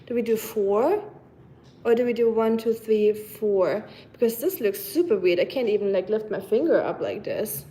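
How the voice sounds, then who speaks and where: A German woman hosts a livestream, casually chatting with viewers and responding to their comments. Her medium-pitched voice is animated and mellow, moving at a moderate pace, with a faint hiss or hum in the background.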